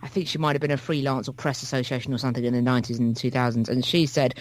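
A woman's voice: rumbling low, steady tone, racing, no room sound. A woman co-hosting a podcast, chatting wryly with asides. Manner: chatty, wry, fond of asides. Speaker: podcast co-host. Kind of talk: casual chat.

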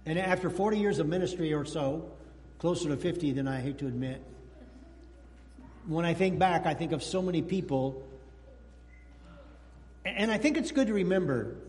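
A pastor in his sixties giving a lively, joking sermon, whooping and breaking into song. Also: fairly high pitch, long reverb tail. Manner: animated, jokey preaching with whoops and sung bits.

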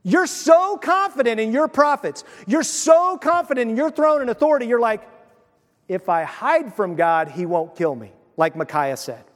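A man pastor preaching a sermon, telling the story with animated asides and acted-out voices. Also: very high-pitched, normal speed, long reverb tail.

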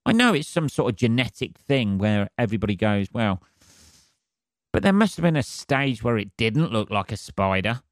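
A man's voice: medium pitch, sing-song, fairly quick, few pauses, dry recording, clean studio sound. A man hosting a podcast, rambling through a sweary, wry comic monologue and often asking for agreement. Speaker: podcast host.

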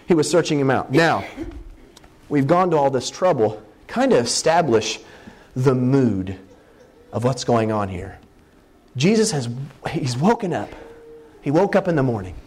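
A middle-aged man preaching a sermon, animated and exclaiming, acting out the scenes he describes. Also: mid-range voice, measured pace, long pauses, husky.

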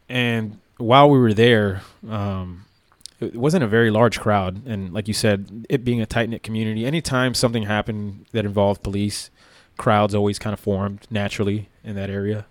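A man's voice: lowish voice, moderate pace, dry recording. A man, a former police officer, recounting a story casually with lots of fillers. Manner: relaxed, rambling with many fillers.

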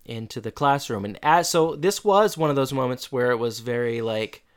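A young adult woman co-hosting a casual podcast, recapping a TV episode in a playful way and switching into high voices for quotes. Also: normal speed, clean tone. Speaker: podcast co-host.

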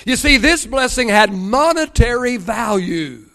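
An older man with an extremely high, creaky voice delivers a sermon at a measured pace. As a pastor telling family stories, he voices the dialogue with rising excitement.

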